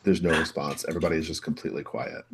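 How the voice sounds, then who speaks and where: A man's voice: extremely low pitch, steady tone, very fast, creaky, a little hiss or hum. A man narrating a tabletop game as game master, rambling with many restarts.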